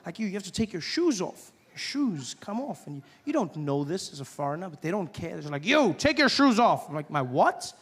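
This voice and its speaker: A man from South Africa doing stand-up comedy, acting out shouting officials in animated voices. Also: fairly high pitch, fast, hardly any pauses, slightly rough. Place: stage before a live audience. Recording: live show with audience noise.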